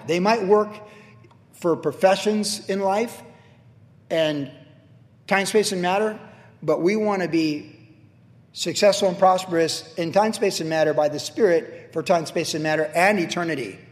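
A male pastor giving a verse-by-verse sermon in a conversational, animated way, often checking in with "right?". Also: fairly high pitch. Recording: long hall reverb.

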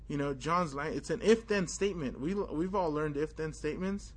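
A young man gives a loose, conversational sermon with a somewhat raised voice. He is animated, full of fillers, and acts out moments of his story with sudden exclamations. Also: on the high side, normal speed. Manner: casual and animated, many fillers, tells story with acted exclamations. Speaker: preacher. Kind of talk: informal sermon with personal story.

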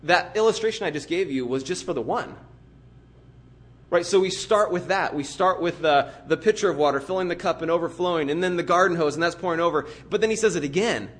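A pastor preaching a sermon in an earnest, emphatic way, building vivid everyday illustrations. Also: male voice, on the high side, fairly quick. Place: church.

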